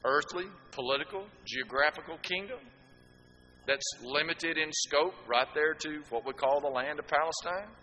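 A man delivers a sermon to a congregation, posing rhetorical questions and tossing asides to his listeners. His voice is fairly high and sharp, at a normal speed. The recording carries an echoey hall sound with faint background noise.

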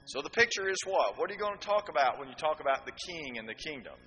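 A man's voice: a little high, big pitch swings, quick pace, sharp tone, husky. A man preaching a sermon to a congregation, asking rhetorical questions and throwing in asides to the listeners. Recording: echoey hall with faint background noise.

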